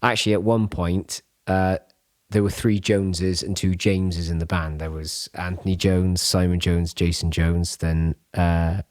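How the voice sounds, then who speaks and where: A man's voice: sits low, flat delivery, unhurried, hardly any pauses, darkish tone, no room sound, clean studio sound. A man hosting a podcast, telling long rambling anecdotes full of asides. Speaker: podcast host. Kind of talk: casual anecdotal chat.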